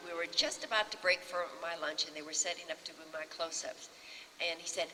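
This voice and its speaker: A woman in her sixties, an actress on a panel, lively and acting out other people's lines as she tells a story. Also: on the low side, moderate pace. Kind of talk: storytelling anecdote. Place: festival panel in a hall. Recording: reverberant hall, faint background hum.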